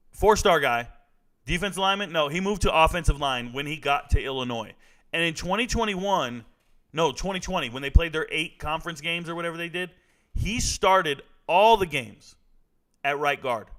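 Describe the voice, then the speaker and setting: A man with a high-pitched voice runs through football players in loose, casual commentary. He is blunt and joking, with a trash-talking edge. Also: expressive, moderate pace, fairly bright tone. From Southern California. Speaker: sports commentary host.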